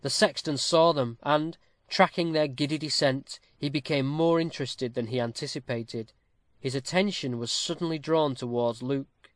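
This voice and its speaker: A man reading a classic novel aloud with a steady, formal storytelling cadence, close to the mic. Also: a little high, normal speed, no echo. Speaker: audiobook narrator. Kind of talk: scripted narration of a classic novel.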